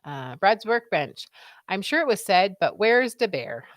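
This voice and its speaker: A woman's voice: mid-range voice, sing-song, a little slow, dry recording, studio quality. A woman co-hosting a casual livestream, chatting and reading viewer comments aloud. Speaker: livestream co-host reading chat. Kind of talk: casual chat.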